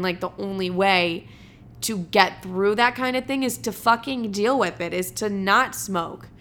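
A woman's voice: medium pitch, a bit bright, slight background noise. Young woman candidly sharing grief, swearing. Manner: casual, swears often, heavy use of "like". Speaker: vlogger. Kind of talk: candid personal storytelling to camera.

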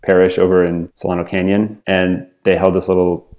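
A man with a very low, deep voice talks things through in a relaxed podcast chat. He speaks as an author guest, thoughtful and rambling, leaning on "you know" and "like" as he works toward his point. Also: fairly quick, dull audio. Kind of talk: casual podcast conversation.

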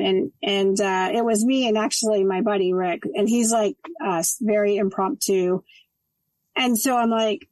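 A middle-aged woman who is a guest on a podcast, chatting casually and telling animated stories, acting out quoted dialogue and swearing freely. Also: mid-range voice, moderate pace, no room sound, rough recording.

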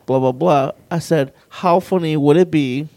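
A man's voice: a little high, normal speed, darkish tone, no echo. A man co-hosting a podcast, telling a crude story in casual chat and laughing as he goes. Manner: laughs while telling, acts out others' lines. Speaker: podcast co-host.

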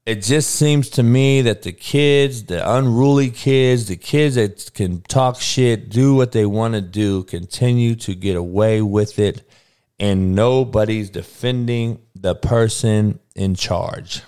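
A man's voice: on the low side, slow pace, clear, resonant tone. Casual male sports streamer; clean resonant tone, talks loose and salty. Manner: profane, animated, laughing banter. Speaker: sports show host.

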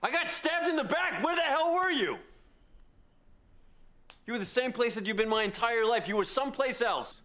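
A man's voice: extremely high pitch, lively intonation, moderate pace, long pauses, full character voice. A bitter grown man facing his mother. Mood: anguished. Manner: sarcastic, rising to shouting. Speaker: grandson caring for his grandmother. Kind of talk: TV drama acting.

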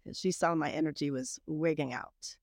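Middle-aged woman, lowish voice, dry close sound; candid, animated guest storyteller. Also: moderate pace, no room sound. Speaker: podcast guest. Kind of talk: casual storytelling.

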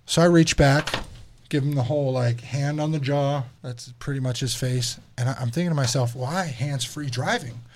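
A man's voice: medium pitch, fairly even intonation, moderate pace, a little mellow, a little hiss or hum. A young man casually telling a story as a podcast host, profane and exasperated, acting out his retelling.

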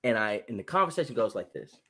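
A young man telling a story in casual chat, animated and laughing often as he acts out his own phone calls. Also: on the low side, fast.

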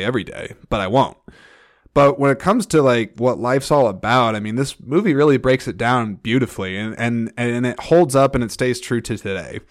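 A man's voice: medium pitch, no room sound, studio quality. A man hosting a solo film podcast, talking in an earnest, rambling way with frequent restarts and fillers. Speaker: podcast host.

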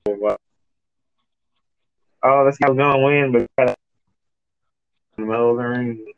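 A man's voice: mid-range voice, fairly even intonation, a little slow, clean tone, no room sound. A man co-hosting a casual podcast, rambling and hesitating with lots of "uh" and "like" while recapping wrestling. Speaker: podcast co-host. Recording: tinny phone-like call audio.

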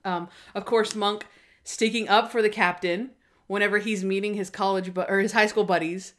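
A bubbly woman co-hosting a relaxed podcast, chatting through a TV episode recap. She talks in a middle pitch, swinging between quick asides and drawn-out emphasis, and slips into big, playful voices to act out scenes. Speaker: podcast co-host. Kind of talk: casual episode recap chat.

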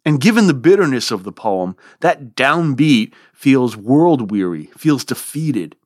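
A man giving a podcast lecture on poetry in an expressive, lively way, relishing the verse. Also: medium pitch, no echo, clean studio sound. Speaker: literature lecturer.

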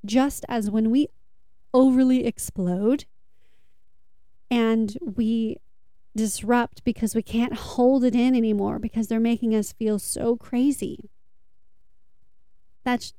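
Woman, self-help tarot talk, soothing, earnest, mellow, dry close mic. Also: on the high side, steady tone, slow, pauses often, clean tone, no echo. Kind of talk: slow reflective talk to viewers.

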